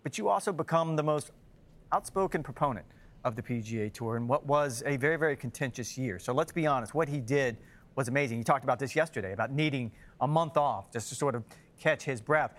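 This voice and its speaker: A man's voice: medium pitch, fairly quick. A man analysing golf on a sports discussion show, frank and emphatic in his opinions.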